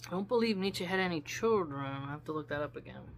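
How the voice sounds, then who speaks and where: A host reads a philosophy text aloud and keeps stopping for loose, chatty asides. The voice sits at a middle pitch. A faint hum runs underneath. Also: expressive, quick pace, creaky. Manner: chatty, digressive asides with laughter. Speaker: philosophy reader and commentator. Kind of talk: casual reading with commentary.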